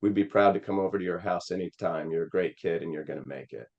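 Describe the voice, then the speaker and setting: A man quoting his friend's stern, older father in a slow, measured way during a story. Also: deep voice, darkish tone, dull audio. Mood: warm, proud.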